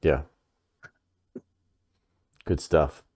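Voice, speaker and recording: A podcast co-host chats casually, telling rambling stories packed with fillers. He speaks very slowly in a dark tone, and the recording is clean studio sound with no room echo.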